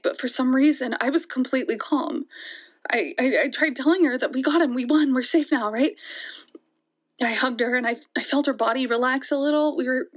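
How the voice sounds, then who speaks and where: A woman as a shaken young caller. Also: on the high side. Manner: halting, repeats words when tense. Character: shaken young woman retelling a deadly night. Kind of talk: audio drama monologue. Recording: dull lo-fi sound.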